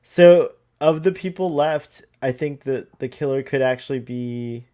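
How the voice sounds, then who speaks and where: A man's voice: medium pitch, measured pace, warm tone. A man chatting casually and joking while watching a movie with a friend. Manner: joking, laughs often. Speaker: co-host. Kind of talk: casual watch-along chat.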